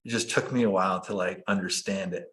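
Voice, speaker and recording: A man telling personal stories as a guest in a casual conversation, earnest and animated. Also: low-pitched, quick pace. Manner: earnest, animated, acts out quoted dialogue. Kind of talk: conversational storytelling.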